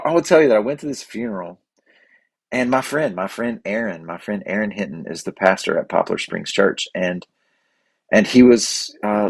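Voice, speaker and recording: A man hosting his own podcast, talking through his thoughts off-script in an earnest, halting way with many restarts. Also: fairly low pitch, creaky, slightly rough, dry recording. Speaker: podcast host. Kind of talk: unscripted reflective monologue.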